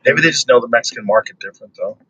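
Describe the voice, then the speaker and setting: A male podcast host in casual chat, quickly jumping in with questions and agreement. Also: mid-range voice, bright, forceful tone, slight background noise. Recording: dull lo-fi recording.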